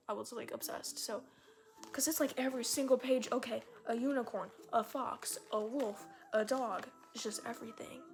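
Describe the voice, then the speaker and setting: A young woman vlogger reading her childhood stories aloud, chatty and self-mocking, sometimes dropping to a near whisper, at home. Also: on the high side. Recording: faint music playing in the room.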